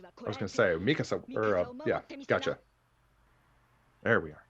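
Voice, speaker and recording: A man's voice: on the low side, normal speed, highs cut off, a crowd in the background. Chatty man reacting to an anime. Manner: chatty, thinks aloud, laughs often. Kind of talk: casual reaction commentary.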